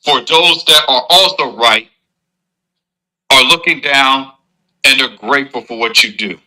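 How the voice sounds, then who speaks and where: Bright-voiced man giving a lecturing monologue. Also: mid-range voice, a little slow, low-quality recording. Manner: lecturing, earnest, moralizing. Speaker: streamer. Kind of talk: preachy advice monologue.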